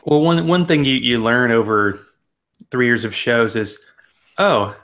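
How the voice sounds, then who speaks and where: Male podcast host, middle-pitched, jokey and theatrical on the intro, then relaxed chat. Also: moderate pace. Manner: jokey, animated delivery with exaggerated intro. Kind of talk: casual interview podcast.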